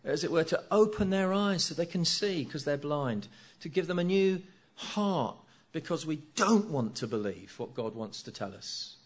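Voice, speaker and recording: Earnest middle-aged preacher. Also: male voice, fairly high pitch, lively intonation, moderate pace, few pauses. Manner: earnest, asks rhetorical tag questions, repeats key phrases. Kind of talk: sermon.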